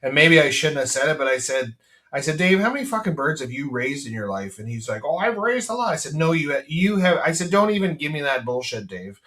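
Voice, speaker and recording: A man's voice: a little high, expressive, brisk, a bit bright, far from the mic. A Canadian man, a farmer hosting his podcast, talking in a blunt, rambling way with lots of fillers and restarts. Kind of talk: casual rambling monologue. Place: farm.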